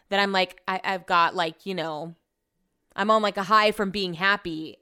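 A young woman talks alone into a podcast mic from her home office, rambling and saying "like" a lot. Her voice is smooth and clear, at a middle pitch. She sounds shaken and subdued. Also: sharp tone. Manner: chatty, rambling, says "like" often. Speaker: podcast host. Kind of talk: casual solo podcast chat.

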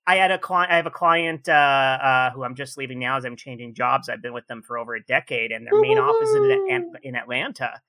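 A man's voice: medium pitch, sing-song, a little fast, hardly any pauses, sharp tone. A man hosting a podcast in casual chat, talking enthusiastically with emphatic exclamations. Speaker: podcast host.

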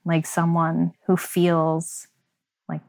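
A woman's voice: fairly low pitch, monotone, drawn-out words, a little mellow, no room sound. A woman talking as a mother seeking parenting advice, speaking in a thoughtful, hesitant way with frequent ums. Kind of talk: casual conversation.

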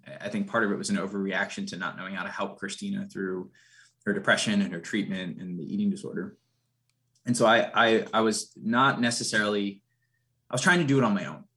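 A man's voice: fairly low pitch, fairly bright tone. A man, a podcast guest, telling a personal story in an earnest, reflective way with many restarts. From United States.

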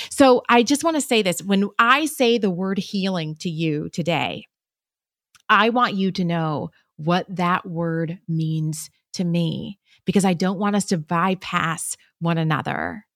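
A woman hosting a podcast, teaching in an earnest monologue full of rhetorical questions and emphatic pauses. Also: mid-range voice, expressive, a bit bright, no room sound, studio quality. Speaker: podcast host.

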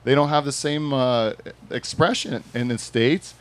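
A man's voice: medium pitch, unhurried. A Canadian man hosting a casual talk show in a bar, telling rambling jokey stories with lots of fillers. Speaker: podcast host. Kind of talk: casual chat. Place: bar with a small studio audience.

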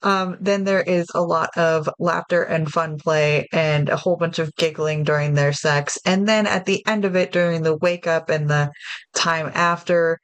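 A woman's voice: low-pitched, fairly even intonation, normal speed, dry recording. A woman co-hosting a casual podcast chat, talking frankly and unhurriedly about games. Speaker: podcast co-host.

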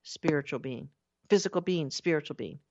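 A woman giving a spiritual talk, acting out everyday inner voices and slowing down to stress key words. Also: low-pitched, a little mellow. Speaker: spiritual teacher. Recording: dull lo-fi recording.

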